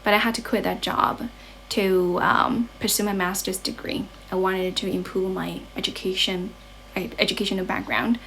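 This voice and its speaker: A woman's voice: mid-range voice, steady tone, normal speed, fairly bright tone. Chinese-accented young woman livestreaming on her phone, chatty, mixes english and chinese, bit of noise behind her. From China. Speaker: livestream host and English teacher. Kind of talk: casual bilingual livestream chat. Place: grandmother's home, indoors.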